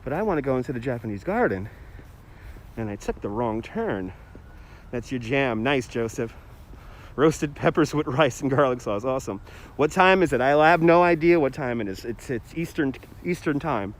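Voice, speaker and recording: Strolling through a city park, this man chats on a casual livestream, wandering from topic to topic and replying to viewers' comments. His mid-range voice has lively intonation and a moderate pace, captured by a phone on a handheld gimbal with slight background noise.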